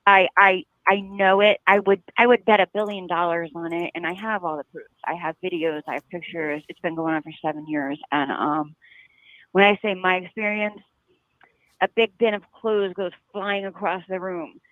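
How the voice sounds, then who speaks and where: A woman's voice: lowish voice, fairly even intonation, normal speed, no room sound. A woman caller on a call-in show, talking with a slight lisp after mouth surgery and laughing often. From New Jersey. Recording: tinny phone line.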